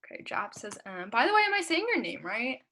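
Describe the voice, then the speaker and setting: Young woman debate teacher on a video call, high bright voice, rattling off points like a drill. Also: very animated. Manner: brisk drill-like listing, then checks in with students. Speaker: debate camp instructor. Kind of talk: online lecture, reading a practice speech aloud.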